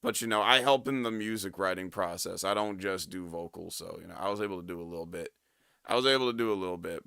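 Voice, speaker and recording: A hoarse man in his thirties giving profane, laughing commentary while reacting to a video on a livestream. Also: sits low, quick pace, sharp tone, no echo, clean studio sound.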